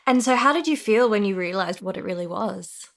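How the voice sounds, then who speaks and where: A woman's voice: mid-range voice, expressive, fairly quick, fairly bright tone. A woman hosting an interview, asking questions with eager, responsive interest. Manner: enthusiastic, responsive listener. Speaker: podcast host.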